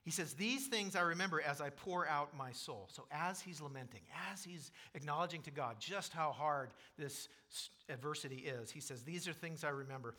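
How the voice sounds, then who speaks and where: A man preaching a sermon as pastor, reading scripture and building to loud, emphatic passages. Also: a little high, moderate pace, hardly any pauses. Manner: quotes scripture aloud.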